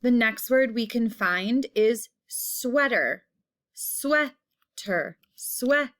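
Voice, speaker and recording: A woman teacher walks through a phonics lesson, repeating each word and drawing out the vowel sounds. Her voice sits a little high, and she takes her time, speaking at a slow, unhurried pace. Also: a bit bright.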